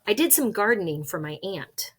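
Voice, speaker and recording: A woman voicing a scared but quick-witted boy who pleads and shouts for help. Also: medium pitch, animated, slight background noise, natural voice. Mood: evasive.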